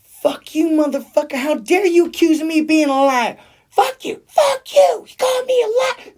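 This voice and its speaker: A furious woman passenger shrieks curses in a voice pushed far up into a shrill, cracking register, close to tears, as a man mimics her while retelling a story. She sounds unhinged and wounded at once. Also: animated, normal speed, darkish tone. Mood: screaming rage. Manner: shrieking, cursing, near tears.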